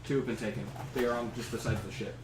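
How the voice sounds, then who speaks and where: A man's voice: lowish voice, fairly even intonation, very fast, over a noisy crowd. A young man narrating as dungeon master of a tabletop game among friends, loose and laughing often. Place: home room with friends. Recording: roomy, distant, noisy home recording.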